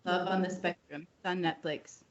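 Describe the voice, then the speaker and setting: A woman's voice: lowish voice, fairly even intonation, moderate pace, dull audio. A woman co-hosting a casual podcast chat, teasing in a dry way and laughing often. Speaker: podcast co-host.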